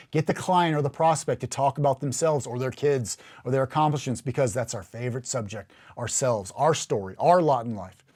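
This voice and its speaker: A man hosts a casual Bible teaching podcast in a chatty, animated way. He slows down into measured, dramatic readings when he quotes scripture. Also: medium pitch. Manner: chatty and animated, bursts of laughter and emphatic rises.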